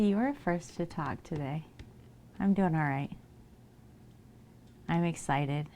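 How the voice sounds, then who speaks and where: A woman's voice: deep voice, takes it slowly, pauses often, warm tone. A woman streaming from home, chatting casually with viewers and cooing at her cats. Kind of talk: casual live-stream chat.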